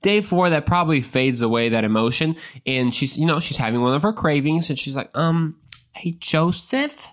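A man's voice: fairly high pitch, brisk, few pauses. A man giving a casual Bible talk, joking and conversational, often repeating words as he goes. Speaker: podcast preacher.

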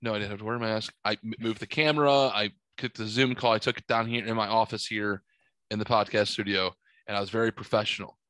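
A man hosting a podcast, telling stories in casual chat, animated and swearing, acting out the voices in his stories. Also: lowish voice, fast talker, no room sound. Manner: animated, swearing, acts out quotes. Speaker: podcast host. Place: podcast studio.

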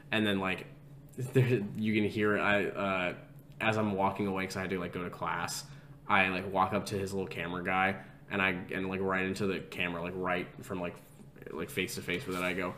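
Young adult male podcast co-host, lowish voice, rambling filler-heavy storyteller. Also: little pitch movement, brisk, a bit bright, slight background noise. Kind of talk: casual chat.

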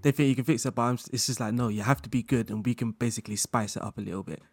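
A man speaking as a guest in a casual interview chat, relaxed, laughing often and talking in loose run-on sentences full of fillers. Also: mid-range voice, rapid-fire, no echo. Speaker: guest content creator.

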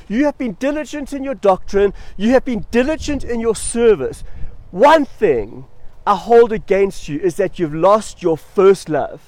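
Man, pastor, preaching, high voice, emphatic repetition, dry close sound. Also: darkish tone, dry recording. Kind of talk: sermon.

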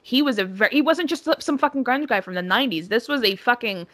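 A woman's voice: on the high side, animated, quick pace, fairly bright tone. A woman co-hosting a casual podcast, talking in an opinionated, emphatic way and swearing freely. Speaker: podcast co-host. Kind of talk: casual chat.

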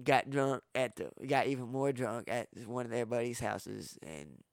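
A man from Texas, telling stories in casual podcast talk, profane and animated, acting out what people said with sudden loud jumps. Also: mid-range voice, moderate pace, vocal fry, no echo, studio quality. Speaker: podcast host. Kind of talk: casual storytelling.

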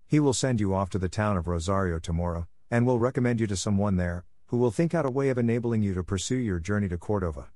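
A man voicing a kind, gray-bearded old gentleman who gives calm, reassuring advice. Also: on the low side, no room sound, clean studio sound, natural voice.

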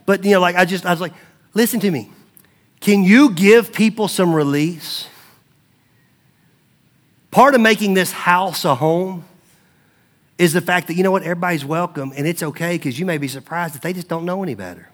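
A middle-aged male pastor preaching a sermon in a conversational, animated way, with stories and asides. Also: on the high side.

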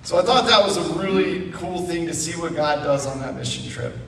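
Brief: high, lively male storyteller, self-mocking, recorded from far back in a reverberant church hall. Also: a little fast, gravelly, slight background noise. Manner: animated, self-mocking, acts out dialogue. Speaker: guest speaker at church. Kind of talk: storytelling testimony. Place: church sanctuary.

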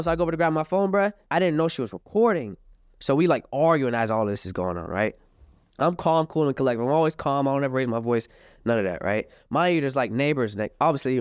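A young man in his twenties, telling a story in casual chat with a lot of street slang and fillers, and acting out the other people's lines in a higher voice. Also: no room sound, clean studio sound. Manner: animated, acts out the other side's lines in a high voice. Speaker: boxer and podcast guest.

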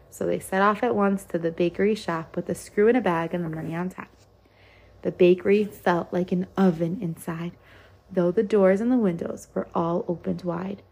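A woman's voice: on the low side, fairly even intonation, normal speed, vocal fry, darkish tone, husky. A woman reading a rhyming children's picture book aloud in a lilting rhythm. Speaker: storyteller.

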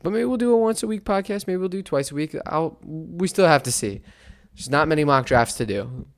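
A young man hosting a casual solo sports podcast, swinging between loud mock outrage and quiet mumbled asides. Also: fairly high pitch, lively intonation, brisk.

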